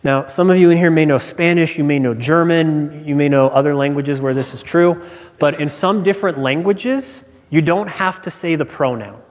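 A man's voice: fairly high pitch, moderate pace. A male pastor giving a conversational sermon, telling personal stories and explaining scripture. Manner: conversational preaching with personal anecdotes. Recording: long reverb of a large hall.

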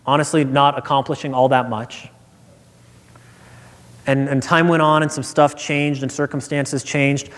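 A man preaching a sermon, earnest and expressive, acting out quotes as he tells a personal story. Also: fairly high pitch. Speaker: pastor. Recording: long hall reverb.

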